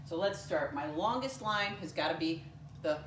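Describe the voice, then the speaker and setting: A woman's voice: animated, a bit bright, recorded from a distance, a little hiss or hum. Cheerful teacher woman in an echoey classroom. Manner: slow, spelled-out teacher talk with playful pitch leaps. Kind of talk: early-grade math lesson. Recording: roomy sound from off-mic.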